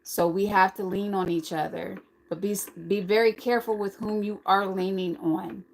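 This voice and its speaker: A woman's voice: mid-range voice, steady tone, moderate pace, slight background noise, rough recording. A middle-aged American woman with a slight lisp, hosting a casual livestream and answering viewers in the chat. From United States. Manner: chatty, reads and answers the chat aloud. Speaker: livestream host.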